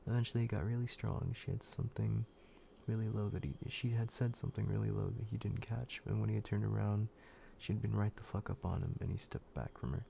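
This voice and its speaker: Dude reading scary stories on stream, low flat voice, swears a lot, trips over words. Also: male voice, quick pace, gravelly, slight background noise. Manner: profane, laid-back storytelling with frequent restarts. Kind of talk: casual horror story narration on a livestream.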